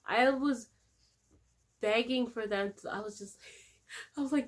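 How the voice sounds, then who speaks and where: A young woman, telling a personal story in a casual vlog, candid and animated, often laughing and acting out her own pleas. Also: fairly high pitch, a little slow, long pauses. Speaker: vlogger.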